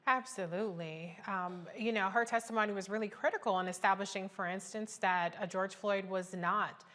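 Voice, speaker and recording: A woman's voice: medium pitch, steady tone, normal speed, bright, forceful tone. A woman hosting a news talk show panel, asking guests pointed questions in an earnest way. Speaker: panel host.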